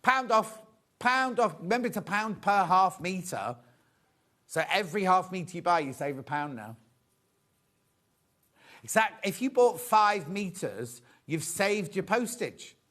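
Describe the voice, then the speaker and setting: A man's voice: sits high, lively intonation, measured pace, pauses often, fairly bright tone. A man presenting a live shopping show, with cheerful, chatty sales patter and asides to the crew behind the camera. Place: TV studio.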